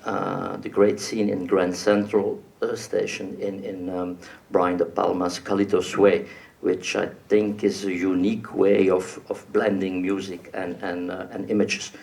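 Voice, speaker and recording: A man's voice: sits low, flat delivery, unhurried, creaky, darkish tone, far from the mic. A man moderating a panel, hesitant and full of fillers as he frames questions. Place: stage at an awards event.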